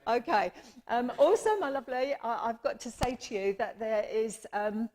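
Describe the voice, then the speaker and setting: A woman's voice: a little high, moderate pace, darkish tone, a little hiss or hum. A woman medium giving readings at a church service, chatty and affectionate, often calling people her lovely and apologising. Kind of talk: live mediumship demonstration.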